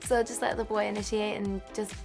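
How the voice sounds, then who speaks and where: A young woman chats through an interview in a bubbly, giggly way, her speech full of "like" and "um". Her voice sits at an ordinary middle pitch. Faint music plays underneath. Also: little pitch movement, fairly quick, creaky. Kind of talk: casual interview chat.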